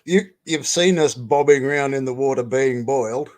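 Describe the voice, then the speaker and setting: A man ad-libbing at an open mic, rambling and halting with many fillers. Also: mid-range voice, a little mellow. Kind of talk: casual stand-up ad lib.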